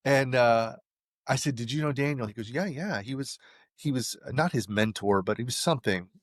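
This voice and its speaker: Man, interview guest, casual storytelling, acts out quotes, average pitch, dry sound. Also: normal speed, no room sound. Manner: animated, acts out quoted dialogue.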